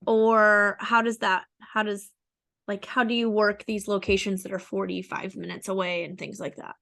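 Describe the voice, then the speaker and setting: A woman's voice: medium pitch, little pitch movement, moderate pace, vocal fry, fairly bright tone. A woman co-host of a podcast asking casual, curious follow-up questions.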